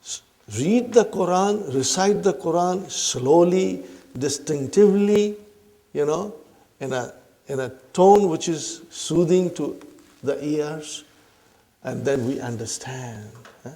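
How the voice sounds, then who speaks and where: A man's voice: a little high, slow, creaky, mellow. A man teaching an Arabic grammar lesson to a class, who keeps asking questions and checking in with "huh?".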